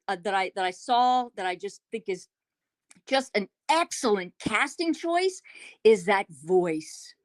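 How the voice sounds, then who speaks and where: A woman's voice: fairly high pitch, no room sound. A woman on a panel chat, talking with emphasis and repeating words to drive her points home.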